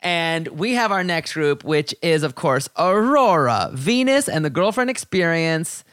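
A man's voice: on the high side, big pitch swings, unhurried, fairly bright tone, smooth, dry recording, studio quality. A man from the American South hosting a podcast in campy, rambling casual chat. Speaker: podcast host.

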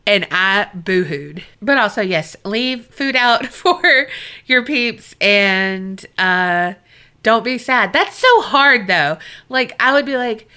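A woman co-hosts a casual podcast chat in a bright, sharp voice pitched a little high. She talks expressively, laughs often and swears freely. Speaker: podcast co-host.

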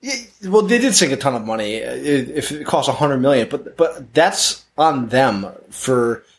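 A man talking bluntly and emphatically on a casual horror podcast, cursing freely. His pitch swings widely, so his voice sounds lively as he argues his points. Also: moderate pace. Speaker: podcast co-host. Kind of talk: casual chat.

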